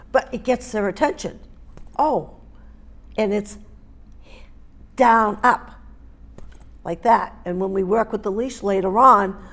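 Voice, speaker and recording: Slow, emphatic woman dog-training instructor. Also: mid-range voice. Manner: emphatic, repeats key points and checks in with "okay?". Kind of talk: hands-on teaching demonstration.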